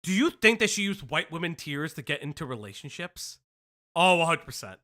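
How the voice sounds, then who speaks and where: A stream host giving crude, joking reaction commentary with loud outbursts. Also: medium pitch, sing-song, normal speed.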